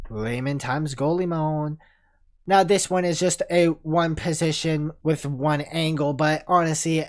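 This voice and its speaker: A relaxed channel host talking through a ranked list in a loose, casual way. The delivery wanders and keeps returning to "you know" between points, in a medium-pitched voice. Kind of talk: casual ranking commentary.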